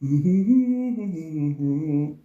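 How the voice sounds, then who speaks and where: Man, live-stream host, rambling, swearing, laughing, raised pitch, echoey room. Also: animated, drawn-out words, mellow, lo-fi sound.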